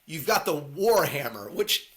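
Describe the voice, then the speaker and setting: A man co-hosting a casual podcast, chatting about movies and sports with a laughing, animated manner. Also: a little high, unhurried. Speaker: podcast co-host.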